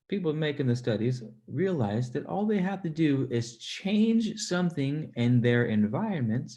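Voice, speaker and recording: A man hosting a casual livestream, reading viewer comments aloud, animated and swearing freely as he talks. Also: medium pitch. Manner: animated, swears freely, laughs between points.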